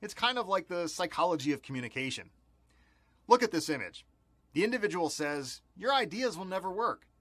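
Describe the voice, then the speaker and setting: A man narrating a customer service training module, explaining clearly and stressing key words. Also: fairly high pitch, sharp tone, dry recording. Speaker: instructor.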